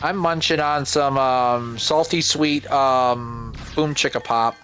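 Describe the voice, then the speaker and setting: A man chatting casually on a game stream with slow, exasperated reactions. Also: mid-range voice, steady tone, fairly bright tone, faint music behind. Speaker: stream co-host.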